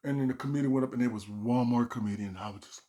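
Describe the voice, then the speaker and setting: A man telling a personal story as a stand-up comedian, animated and acting out the voices of the people in it. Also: medium pitch, quick pace. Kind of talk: storytime monologue.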